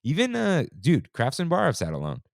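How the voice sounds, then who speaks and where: A man in his thirties co-hosting a podcast in a relaxed, slangy chat style, saying "dude" and "like" often. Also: a little high, brisk, gravelly, no echo, studio quality. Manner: laid-back, slangy, says "dude" and "like" often. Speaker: podcast co-host. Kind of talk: casual chat.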